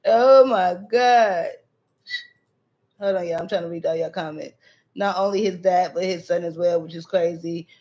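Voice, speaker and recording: A woman's voice: lowish voice, moderate pace, a little mellow. A woman hosting a casual livestream, chatting animatedly with her viewers and laughing often. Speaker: livestream host.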